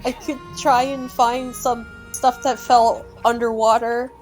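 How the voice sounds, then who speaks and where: A woman's voice: fairly high pitch, level tone, takes it slowly, a little mellow, soft background music. A woman playing a tabletop role-playing game, giggly and casual, swearing freely. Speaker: player.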